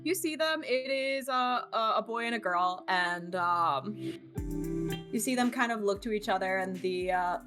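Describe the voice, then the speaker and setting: A young woman runs a tabletop game, narrating in a casual, quick way with plenty of "uh"s. Her pitch sits mid-range, and faint music plays behind her. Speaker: game master.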